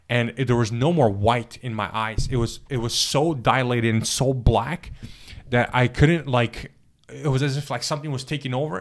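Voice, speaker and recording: An earnest man tells his story in an interview, pausing, repeating himself and starting over. His voice sits at an ordinary middle pitch. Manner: earnest, halting storytelling with many restarts and fillers. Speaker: guest telling his testimony. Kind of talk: personal spiritual testimony in an interview.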